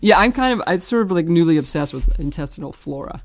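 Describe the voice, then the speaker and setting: A woman's voice: fairly low pitch, animated, fast. Chatty woman in her fifties. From American South. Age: 50s. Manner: chatty, rambling, many fillers and restarts. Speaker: artist guest. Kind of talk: casual interview.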